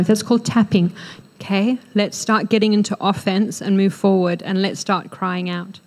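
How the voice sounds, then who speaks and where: An Australian woman preaching a sermon in a church, acting out quoted prayers with animated energy. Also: medium pitch, normal speed. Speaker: pastor. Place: church hall.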